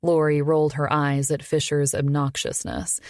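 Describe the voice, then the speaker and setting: A woman narrating a first-person romance audiobook in an intimate, even storytelling manner. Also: low-pitched, a little slow, no echo, clean studio sound.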